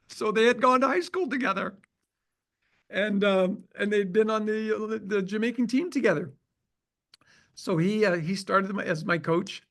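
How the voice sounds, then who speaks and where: A man in his seventies with a gravelly, slightly raised voice, guesting on an interview show. He tells a long personal story with energy, playing out the lines of the people he quotes. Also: a little high. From Canada. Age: 70s. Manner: animated storyteller, acts out quoted dialogue.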